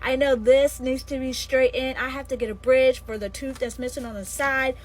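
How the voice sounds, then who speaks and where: A high-voiced woman rants into the camera in a casual vlog. She sounds irritated and exasperated throughout. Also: steady tone, moderate pace, poor audio.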